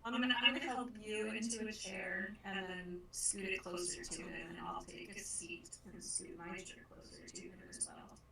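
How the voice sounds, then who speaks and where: A woman's voice: medium pitch, steady tone, normal speed, hardly any pauses. A woman playing a tabletop game, talking casually and often whispering to herself. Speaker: player. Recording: roomy, distant mic with clear noise.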